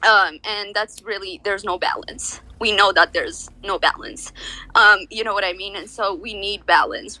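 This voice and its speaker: A woman's voice: mid-range voice, bright, forceful tone, no echo, low-quality recording. A tearful woman speaking earnestly in an online audio discussion, grateful and searching for answers. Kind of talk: emotional personal testimony.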